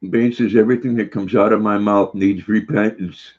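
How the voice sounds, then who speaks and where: An older man hosting a casual livestream, slowly reading out viewer comments and cooing fondly at his dog. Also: fairly low pitch, steady tone, darkish tone, breathy edge. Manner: slow, folksy, reads comments aloud and coos at his dog. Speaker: livestream host. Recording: slightly dull lo-fi sound.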